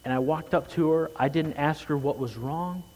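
A man preaching a sermon as pastor, earnest, rising loud and quick for emphasis, then dropping low and quiet. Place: church sanctuary. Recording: long hall reverb.

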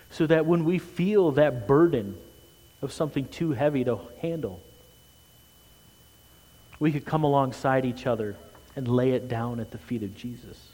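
Earnest male pastor in a reverberant sanctuary. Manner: earnest, swells loud and quick for emphasis then drops low and quiet. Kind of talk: sermon. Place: church sanctuary. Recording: long hall reverb.

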